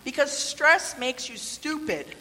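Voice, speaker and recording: A woman's voice: high voice, lively intonation, takes it slowly, sharp tone. A woman preaching a sermon in a church, conversational and playful, with asides and acted-out quotes. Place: church sanctuary. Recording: long hall reverb.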